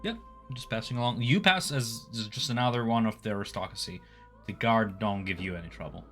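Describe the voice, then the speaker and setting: A man with a deep, low voice narrates a tabletop game as its game master. He describes the scene loosely, with plenty of ums and uhs. Soft music plays underneath. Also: fairly quick. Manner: relaxed, filler-heavy narration.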